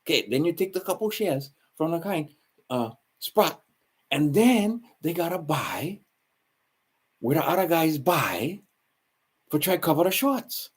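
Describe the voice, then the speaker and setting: A man's voice: a little high, expressive, a little slow, long pauses, husky. A man with a Hawaiian Pidgin accent, rambling through a solo monologue and correcting himself as he goes. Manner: meandering, self-correcting, asides to the listener. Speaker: channel host.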